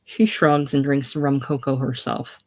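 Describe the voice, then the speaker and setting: A casual reader works through a play's stage directions in a middling voice, plainly and without fuss. The delivery is relaxed and unpolished. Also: medium pitch, a little slow. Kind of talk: casual reading of a play.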